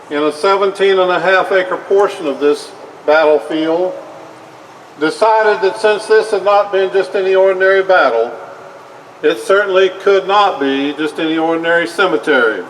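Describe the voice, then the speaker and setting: A man portraying a solemn nineteenth-century American president, giving a slow, measured, formal oration at an outdoor parade. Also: high-pitched, a bit bright, recorded from a distance, a little hiss or hum, low-quality recording. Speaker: historical reenactor. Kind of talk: reenacted historical speech.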